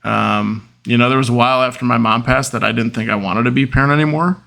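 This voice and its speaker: A man's voice: medium pitch, fairly even intonation, fast, creaky, pushed and bright. A man in his thirties hosting a podcast, telling personal stories in a rambling, openly emotional way, with lots of fillers and restarts. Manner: open and emotional. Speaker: podcast host. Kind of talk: casual personal monologue.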